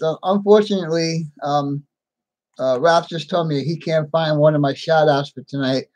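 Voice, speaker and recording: A man's voice: fairly high pitch, moderate pace, poor audio. A middle-aged man from the United States hosting a live stream, chatting casually and greeting each viewer by name with frequent laughs.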